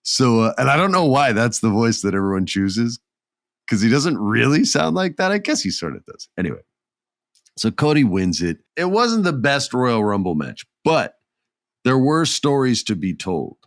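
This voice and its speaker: A man's voice: mid-range voice, sing-song, normal speed, dry recording, studio quality. A middle-aged man hosting a podcast, chatting enthusiastically and animatedly about wrestling. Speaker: podcast host. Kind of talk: casual wrestling commentary.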